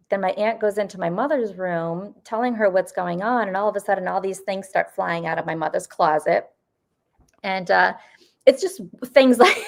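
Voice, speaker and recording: A woman in her fifties from the US Northeast, a paranormal investigator telling stories in a casual interview, rambling with lots of fillers and quick laughs. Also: on the low side, gravelly. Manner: rambling, full of "you know" and "like", laughs often.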